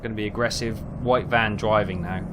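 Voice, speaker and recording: A man hosting a casual let's-play of a trucking game, rambling along and breaking into exasperated outbursts. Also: lowish voice. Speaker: gaming channel host. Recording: game engine noise underneath. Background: truck simulator engine and road sounds.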